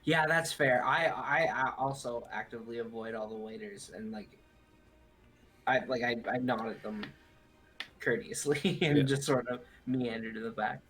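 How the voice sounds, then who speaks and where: A man's voice: medium pitch, fairly even intonation, moderate pace, fairly bright tone, faint music behind. A young adult man playing a tabletop game, chatting casually and in an amused way. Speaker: player.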